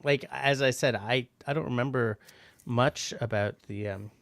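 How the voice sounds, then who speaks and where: A man co-hosting a livestream, speaking in a measured, hesitant way in casual chat. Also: mid-range voice, creaky, a bit bright, dry recording. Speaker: livestream co-host.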